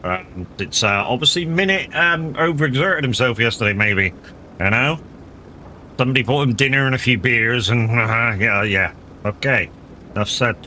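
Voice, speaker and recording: A man's voice: medium pitch, moderate pace, bright, forceful tone, a little hiss or hum. A man streaming a farming game live, chatting casually with viewers, laid-back and swearing freely. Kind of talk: casual live gameplay chat.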